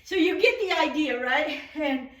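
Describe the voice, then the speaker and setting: A woman's voice: high-pitched, lively intonation, a little slow, a bit bright, recorded from a distance, slight background noise. Chatty woman vlogging in an echoey room. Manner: chatty, rambling with many ums. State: out of breath after exercise. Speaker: lifestyle vlogger. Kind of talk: casual home vlog. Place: at home, workout area then kitchen.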